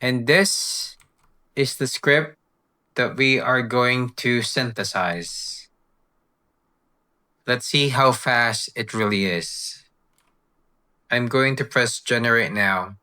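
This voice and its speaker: A man hosting a tech tutorial, calmly walking through software setup step by step. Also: mid-range voice, takes it slowly, pauses often. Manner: relaxed, step-by-step explaining. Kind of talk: screen-recorded software walkthrough.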